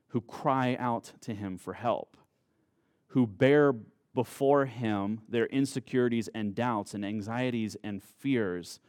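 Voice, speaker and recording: A male pastor preaches in an earnest voice of middling pitch and leans into key words with slow, emphatic phrasing. The recording is dry and close, with no room echo. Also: darkish tone. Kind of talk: sermon.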